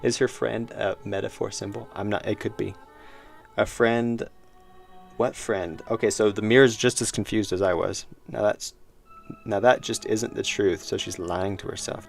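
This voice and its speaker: Gravelly low-voiced man streaming a game. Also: fairly even intonation, normal speed, soft background music. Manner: musing, reads game dialogue aloud. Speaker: streamer playing a horror game. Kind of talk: casual game commentary.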